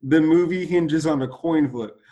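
Animated man, slightly high voice. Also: a little slow, dull audio. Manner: animated, laughs often, acts out quotes. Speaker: podcast co-host. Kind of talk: casual movie review chat.

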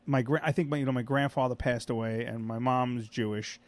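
A man's voice: medium pitch, steady tone, a little fast. A man co-hosting a podcast, telling a long anecdote in casual chat, with many restarts. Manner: rambling, self-interrupting storyteller with many restarts and fillers. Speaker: podcast co-host.

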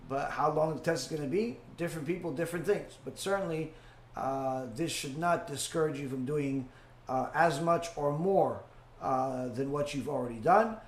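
Man, rabbi teacher, Torah class Q&A, halting, fillers, repeats himself, slightly high voice, echoey room. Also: a little hiss or hum. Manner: halting, many fillers, repeats key phrases.

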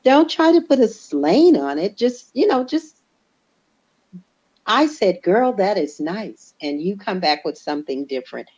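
A woman's voice: medium pitch, measured pace, slightly rough. Emphatic woman, dull lo-fi sound. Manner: animated, emphatic, voice jumps up for stress. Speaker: church member guest. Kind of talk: casual conversation.

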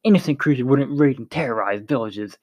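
A man reading a story, voicing a brawny, cruel male commander who talks in a loud, barking way. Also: mid-range voice, brisk, no echo, natural voice. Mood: cold menace.

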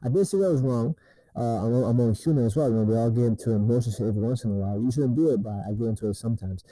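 Guy ranting on his podcast, super dark mellow voice, swears a lot, keeps saying right?. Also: mid-range voice, very fast, no echo, low-quality recording. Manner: rambling and profane, with many repeated "right?" tags. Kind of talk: casual storytelling rant.

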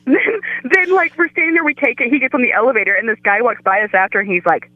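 A woman's voice: fairly high pitch, quick pace, dry recording, highs cut off. A woman guest on a podcast, telling a story in casual chat and acting out the quoted voices.

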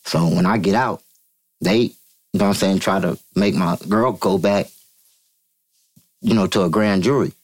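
A man from Vallejo, California, telling a story as an interview guest, profane and animated, acting out quotes in a higher voice. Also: moderate pace, long pauses. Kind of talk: casual storytelling.

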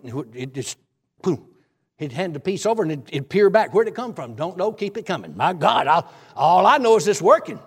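Gravelly high-voiced preacher in a hall. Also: male voice. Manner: animated folksy storytelling, bursts into shouting. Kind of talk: sermon testimony.

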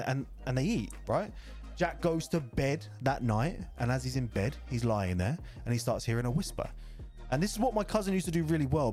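Fast-talking man telling a story. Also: medium pitch. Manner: rambling, swears freely, animated storytelling. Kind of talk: casual storytelling chat.

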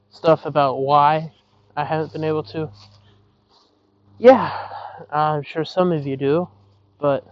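Out in a yard, hot and breathing hard, a podcast host rambles apologetically through a casual monologue in a fairly high voice. He's not on his usual headset, so the highs are cut off, though there's no echo.

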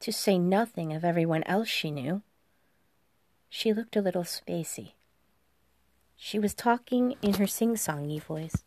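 A woman narrating an audiobook in a steady, even storytelling manner. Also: on the low side, measured pace, long pauses, dry recording, studio quality. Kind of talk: scripted narration.

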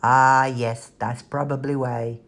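A woman's voice: very deep voice, level tone, slow, heavily acted. A woman doing a bossy old woman cook. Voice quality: bossy, clipped, homely dialect. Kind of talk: audiobook character voice.

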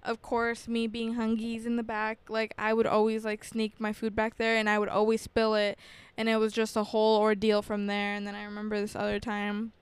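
A young woman co-hosting a casual podcast, telling childhood stories in an animated way and acting out what others said. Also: medium pitch, fairly quick, clear, resonant tone, dry recording. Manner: storytelling, animated, acting out quotes. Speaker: podcast co-host. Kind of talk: casual chat.

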